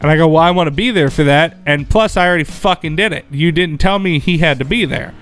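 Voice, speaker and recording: A man's voice: a little high, fast talker, soft background music. A man on a podcast, chatting casually and telling a frustrated story, swearing often and acting out other people's lines. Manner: profane, animated storytelling with acted-out quotes. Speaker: podcast co-host. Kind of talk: casual chat, venting story.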